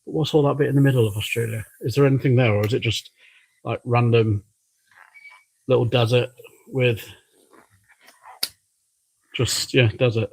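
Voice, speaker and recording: A man with a British accent chats his way through a live stream in his workshop, rambling and thinking aloud between tasks. His voice is gravelly and husky. He talks at a middling pitch. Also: fairly even intonation, moderate pace, pauses often, rough recording. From United Kingdom. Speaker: livestream host. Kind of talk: casual live-stream chat while working. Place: workshop with a balloon printing machine.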